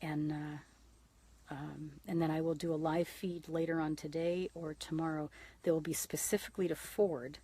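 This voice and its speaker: A woman's voice: low voice, little pitch movement, moderate pace, mellow, breathy edge. A woman in her fifties hosting a casual livestream, talking frankly and profanely straight to her viewers. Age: 50s. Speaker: livestream host.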